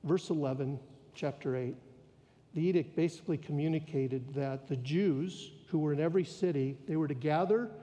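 A male pastor preaching with a fairly high yet mellow voice. He tells the story with rising emphasis and acts out the people in it. His voice rings through a big hall with long reverb. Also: moderate pace. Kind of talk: sermon.

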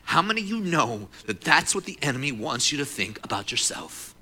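A man's voice: medium pitch, big pitch swings, fairly quick. A young man preaching a sermon, leading a prayer and telling a personal story with rising passion. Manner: impassioned, rising to near-shouts for emphasis. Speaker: pastor.

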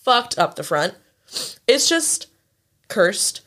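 Animated young woman telling stories. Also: mid-range voice, slow. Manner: animated storytelling, frequent "like" fillers, swearing. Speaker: podcast co-host. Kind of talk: casual chat.

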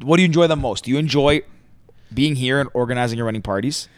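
A young man hosting a podcast, asking questions quickly and rephrasing as he goes. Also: mid-range voice, no echo, clean studio sound. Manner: quick, restarts questions mid-sentence. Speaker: podcast host. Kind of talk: casual chat and interviewing.

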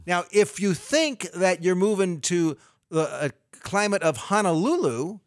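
A middle-aged man, a financial advisor, explaining investing on a radio talk show in a lively way with everyday analogies. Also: high-pitched, measured pace, no echo, studio quality.

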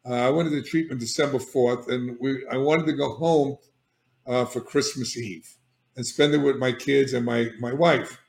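An older man, a guest on an interview, telling his recovery story in an animated, emphatic way, often restarting sentences and checking in with "all right?". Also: medium pitch, normal speed. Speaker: guest, addiction therapist. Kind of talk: candid personal storytelling. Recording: echoey room.

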